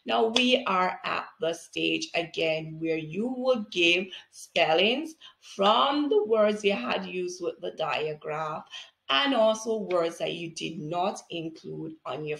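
A woman teaching reading with phonics, speaking slowly and clearly in an encouraging way. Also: fairly low pitch, fairly bright tone, reverberant. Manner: slow, enunciated, encouraging. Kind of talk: phonics tutorial for parents.

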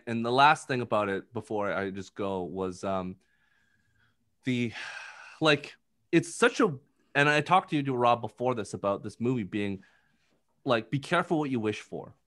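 A man's voice: mid-range voice, fairly bright tone. A man co-hosting a podcast, talking through a movie review in casual chat, rambling and full of filler words. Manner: rambling, heavy on filler words, jumps into quick impressions. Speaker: podcast co-host.

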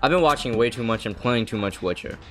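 Young male streamer, wired and excitable, swears a lot, very lively pitch. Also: fast talker, soft background music. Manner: hyper, excitable, swears often. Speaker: gaming streamer. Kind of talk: hyped gameplay commentary.

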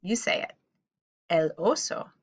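A woman's voice: fairly low pitch, lively intonation, a little slow, breathy edge, low-quality recording. A woman teaching a vocabulary lesson for children, patiently repeating each word and inviting the listener to say it back.

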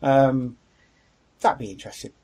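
A man's voice: medium pitch, measured pace, a little mellow, slightly rough. A man co-hosting a podcast, chatting casually, candid and jokey with blunt opinions. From Wales. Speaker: podcast co-host. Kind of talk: casual chat.

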